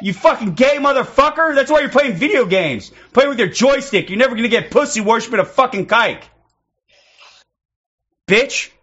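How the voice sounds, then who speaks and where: Loud, abrasive young man trolling on stream. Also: extremely high pitch, expressive, moderate pace, husky, lo-fi sound. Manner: loud, abrasive, taunting, often shouting. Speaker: streamer taunting players in online voice chat. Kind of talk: aggressive trolling over game voice chat.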